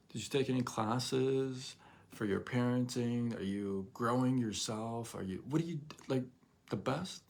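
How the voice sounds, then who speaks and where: Male livestream host, mid-range voice, animated and rambling in casual motivational talk. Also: mid-range voice, measured pace, creaky. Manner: animated, rambling, repeats himself, acts out quotes. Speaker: live show host.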